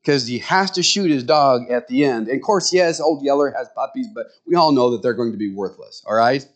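A middle-aged man preaching a sermon in a folksy, conversational way, full of rambling asides, jumping up in pitch when he acts out what others say. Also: brisk. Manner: jumps to high pitch when acting out others' words. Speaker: pastor.

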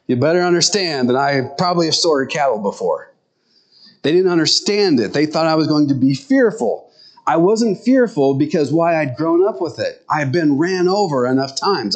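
A middle-aged man preaching a sermon, telling ranch stories and acting out scripture with animated voices. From grew up on a ranch. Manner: animated storytelling, acts out the disciples in high yelling voices. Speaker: pastor.

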